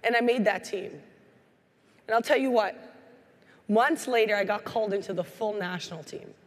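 Energetic woman speaking in a reverberant hall. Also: medium pitch, moderate pace. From Canada. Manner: energetic storytelling, acting out quoted voices. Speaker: keynote speaker. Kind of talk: motivational keynote speech. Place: large hall.

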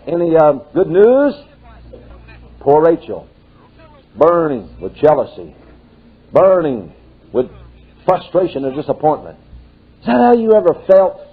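An older man preaching a folksy, storytelling sermon that climbs into fervent outbursts. His voice is high-pitched and husky. The recording is narrow and tinny, like an old cassette. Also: big pitch swings, measured pace, pauses often. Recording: tinny lo-fi tape.

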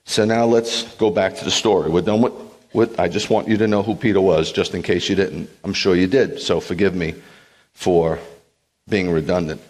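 Middle-aged rabbi guy preaching, lowish voice, tells the story dramatic and acts out the people. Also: fairly even intonation, moderate pace. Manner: dramatic retelling, acts out voices, shifts from loud to hushed. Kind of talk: sermon.

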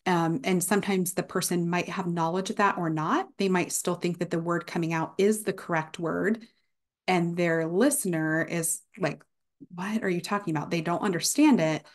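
A young woman with a lowish voice, speaking at a normal speed, gives a casual guest lecture at a university. She uses many fillers and now and then acts out examples of speech errors.

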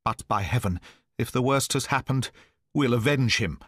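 A man's voice: mid-range voice, expressive, normal speed, fairly bright tone, husky, no room sound, studio quality. A man voicing an intense, commanding male detective in an audiobook reading, speaking in urgent, clipped lines. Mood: bitter.

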